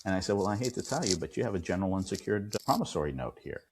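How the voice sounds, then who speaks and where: A man, an attorney and podcast guest, telling a client story with lively quoted dialogue. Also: sits low, rapid-fire, slight background noise. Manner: animated retelling, acts out quoted dialogue. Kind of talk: storytelling in an interview.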